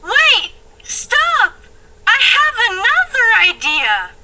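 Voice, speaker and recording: A woman's voice: very high-pitched, huge pitch swings, drawn-out words, bright, forceful tone, pitched above the performer's own voice, full character voice. A woman voicing a panicky young boy with hiccups, shrieking and dramatic. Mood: frantic.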